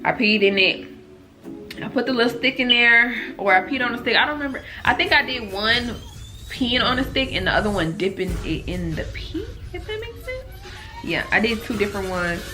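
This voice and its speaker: Bright-voiced young woman telling a story. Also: medium pitch. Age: 20s. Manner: chatty, animated, lots of "like" and asides to viewers. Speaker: vlogger. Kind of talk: casual storytime.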